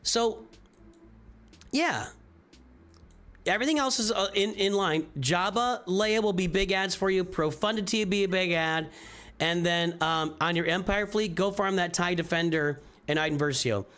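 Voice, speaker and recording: A man's voice: high-pitched, normal speed, a bit bright, clear, resonant tone. A man streaming live, reviewing viewers' game rosters in casual commentary, thinking aloud with restarts and repeated phrases. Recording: faint music behind.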